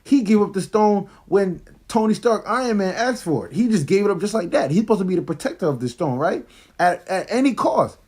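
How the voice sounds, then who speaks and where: A man giving a casual, excited movie review, full of slang as he retells scenes. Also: high voice, fairly quick, slightly rough.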